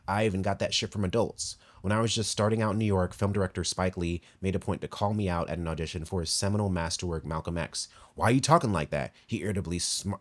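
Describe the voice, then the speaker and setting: A man delivering video essay commentary, impassioned and blunt, with sudden emphatic rises and long read-aloud passages. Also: low voice.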